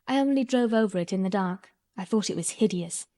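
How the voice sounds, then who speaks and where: A woman's voice: medium pitch, a little fast, mellow, no room sound, close to an everyday voice. A woman reading the part of a stubborn, contrary young girl in an audiobook, speaking bluntly. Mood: earnest. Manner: blunt, obstinate.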